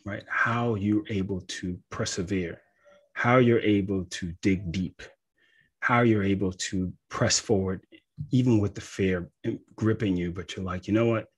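Low husky-voiced man explaining casually. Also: a little slow. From United States. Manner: conversational, animated, often says "right?". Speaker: astrologer. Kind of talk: casual teaching talk.

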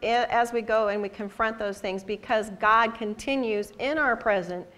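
A woman's voice: on the high side, normal speed, fairly bright tone. A woman leading a church discussion, asking guiding questions and telling personal stories. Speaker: discussion leader. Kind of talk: conversational church teaching.

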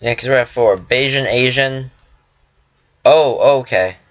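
Speaking at a measured pace in a mid-range voice, a man comments on a game from his home computer. He rambles casually and pokes fun at himself along the way.

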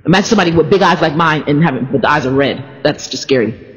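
A woman giving a casual faith talk to the camera, sleepy and allergic, talking in an animated way and repeating words as she goes. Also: low-pitched, fast. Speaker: church member sharing devotional thoughts. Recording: reverberant, dull lo-fi sound.

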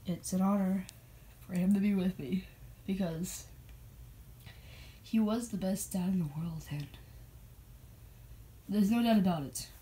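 Woman doing a crying young guy at his dad's funeral, stammery and slow, homemade puppet show. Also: medium pitch, lightly acted, low-quality recording. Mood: tearful. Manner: halting, stammering, soft and tearful. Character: grieving young man giving a eulogy for his father.

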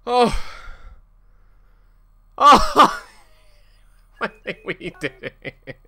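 A man streaming himself playing a video game. He gives casual commentary in an excitable, self-mocking way and swears often. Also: extremely high pitch, drawn-out words. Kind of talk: casual let's-play commentary.

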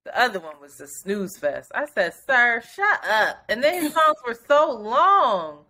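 A young woman co-hosting a podcast, chatting casually in an animated, gushing way with frequent laughter. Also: on the high side, unhurried. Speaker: podcast co-host. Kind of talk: casual chat.

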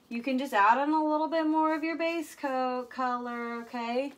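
Chatty, playful female host, fairly high voice, talking viewers through a live painting demo. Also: measured pace.

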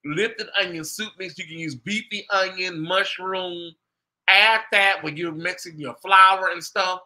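Chatty, bright-voiced man gossiping. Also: high voice, unhurried. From United States. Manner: chatty, gossipy, animated asides to viewers. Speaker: host. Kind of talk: casual commentary to viewers.

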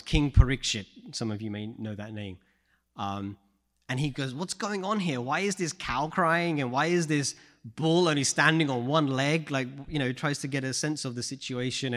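Earnest man retelling a story to an audience. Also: mid-range voice. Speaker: speaker at a panel. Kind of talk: storytelling talk. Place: event room with an audience.

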